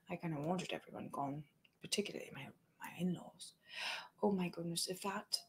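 Woman doing a hushed, confused princess. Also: medium pitch, a little hiss or hum, close to an everyday voice. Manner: soft, musing, trailing off. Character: confused, wistful princess alone in a ruined London.

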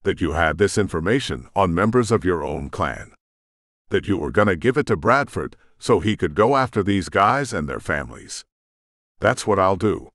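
A man's voice: deep voice, sing-song, normal speed, a bit bright, dry recording, studio quality, full character voice. A man voicing a bitter, vengeful male rogue shifter who taunts and threatens in a sneering way. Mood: threatening.

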